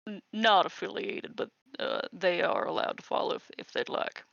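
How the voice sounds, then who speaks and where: A woman's voice: on the low side, big pitch swings, normal speed, creaky, a bit bright, dry recording, dull audio. A woman playing a tabletop game, describing her character's actions hesitantly and correcting herself. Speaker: player.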